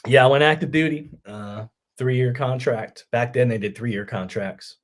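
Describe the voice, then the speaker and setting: A man's voice: mid-range voice, a little slow. A middle-aged army veteran telling his story casually in an interview, peppering it with "man" and acting out what others said. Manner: animated, acts out quoted voices, lots of "man". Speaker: podcast guest, army veteran.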